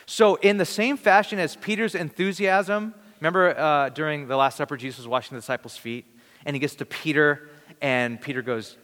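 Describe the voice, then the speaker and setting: A man preaching a sermon in an earnest, conversational way, with dramatic pauses. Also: fairly high pitch, a bit bright. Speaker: pastor. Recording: long reverb of a large hall.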